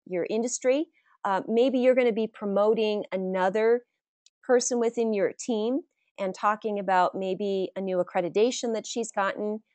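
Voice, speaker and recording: A woman's voice: medium pitch, darkish tone, dry recording. A middle-aged woman hosting a marketing webinar, explaining in a conversational way with examples and frequent "uh" fillers. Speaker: webinar host and social media marketing coach. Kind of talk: live webinar teaching with questions. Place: webinar recording.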